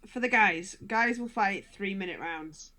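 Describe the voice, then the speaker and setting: A woman's voice: medium pitch, unhurried, sharp tone. Woman, thirties, standard british accent, chatty podcast guest, laughs easily, lots of "like". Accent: southern English, standard British. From Scotland. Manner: chatty, laughs often, fillers like "like". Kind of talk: casual podcast chat. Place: home, during lockdown.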